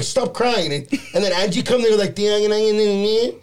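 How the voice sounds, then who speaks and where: A man's voice: high-pitched, brisk, darkish tone. A man co-hosting a casual chat, slangy and swearing often, laughing through his stories. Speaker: podcast co-host.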